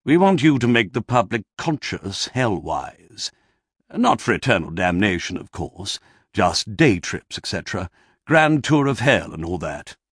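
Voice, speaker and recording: A courteous, scheming gentleman devil, put on by a male reader, speaking low and unhurried with a husky edge. He lets his polite remarks rise and fall widely, dry and close, as if bargaining over a desk in a storybook. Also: big pitch swings, no room sound, full character voice. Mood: persuasive.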